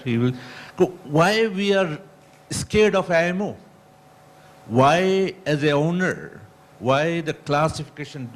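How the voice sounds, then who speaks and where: Insistent man questioning a panel. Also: fairly high pitch. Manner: insistent, rhetorical, repeating apologies. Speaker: audience member asking a question. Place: conference hall.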